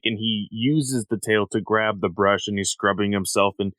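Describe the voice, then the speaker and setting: A man co-hosting a podcast in casual chat, retelling a story in a relaxed way with many fillers and quoted lines. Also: on the low side, moderate pace, no echo. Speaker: podcast co-host.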